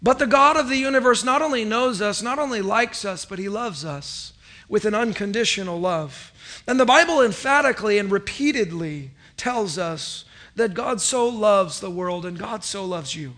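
A male pastor preaching a sermon, emphatic, moving between loud declarations and quiet asides and calling on the congregation to respond. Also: sits high, animated, normal speed.

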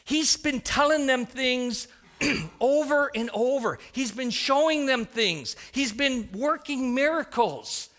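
A man's voice: very high-pitched, expressive, slow pace, fairly bright tone. A man preaching a sermon, emphatic, often restarting his sentences.

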